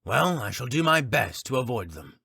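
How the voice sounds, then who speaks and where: A man voicing a composed, polite male captain in an audiobook, talking in a measured, restrained way. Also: medium pitch, very animated, gravelly, pushed and bright, husky, dry recording, clean studio sound, pitched above the performer's own voice, full character voice.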